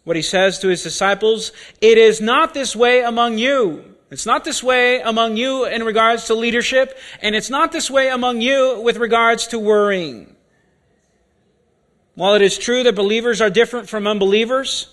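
A man preaching a sermon, deliberate and repeating key words for emphasis. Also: extremely high pitch, a bit bright.

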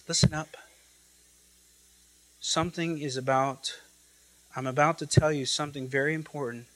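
A man preaching an expository sermon, emphatic and repetitive, swinging from loud declarations to hushed lines and drawing out quoted scripture and Greek words. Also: a little high, poor audio.

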